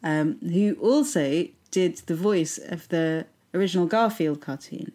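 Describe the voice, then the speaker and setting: A woman's voice: on the low side, measured pace, warm tone. A woman co-hosting a comedy podcast, teasing her partner and pressing her points with playful persistence. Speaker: podcast co-host. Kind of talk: comedic casual banter.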